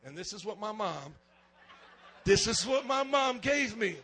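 A man delivers a spirited sermon from the pulpit and keeps calling the congregation for an amen. His voice sits high and sounds bright and forceful. He often swells into loud, emphatic preaching. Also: measured pace, slightly rough, low-quality recording. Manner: lively preaching, calls for amens and gets loud. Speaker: pastor.

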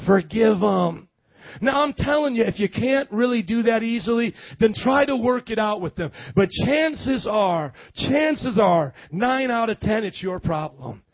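Animated high-voiced pastor preaching. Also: male voice, measured pace, no echo, muffled recording. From American Midwest. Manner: animated, calls for congregation responses. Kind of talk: sermon.

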